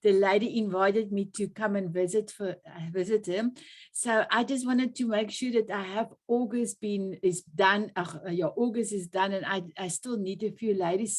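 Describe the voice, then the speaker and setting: A woman hosting an online women's session on a video call, effusive and full of restarts. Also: medium pitch. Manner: effusive, warm thanks, frequent laughs and restarts. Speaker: online women's group host. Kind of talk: casual video call chat.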